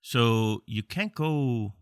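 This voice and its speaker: A middle-aged man from the United States co-hosting a cigar and beer pairing show, chatting casually with quick asides. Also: medium pitch, lively intonation, dry recording. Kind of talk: casual chat.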